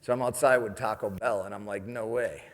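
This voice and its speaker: A man's voice: on the low side, steady tone, fast talker, slight background noise. A man from New York giving a comedic motivational keynote on stage, chatty and jokey, often asking the audience "right?". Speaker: motivational speaker. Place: event stage in a large hall. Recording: long reverb of a large hall.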